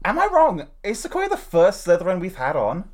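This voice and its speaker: Animated woman podcast co-host. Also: fairly low pitch, a little fast, very noisy. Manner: animated, teasing. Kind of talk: casual chat.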